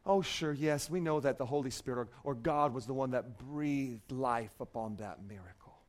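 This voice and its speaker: A man preaching a sermon as pastor, swinging between loud declarations and hushed, quiet asides. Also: medium pitch, normal speed, few pauses.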